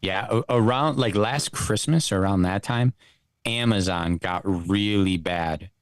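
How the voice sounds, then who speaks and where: A man co-hosting a livestream, talking in a relaxed, casual way. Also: on the low side, a little slow, no echo, studio quality. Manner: relaxed, testing his mic. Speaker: livestream co-host. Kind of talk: casual chat.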